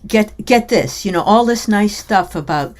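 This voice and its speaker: A woman's voice: mid-range voice, animated, a little slow, darkish tone. A woman in a poetry discussion group, talking in a casual, enthusiastic way.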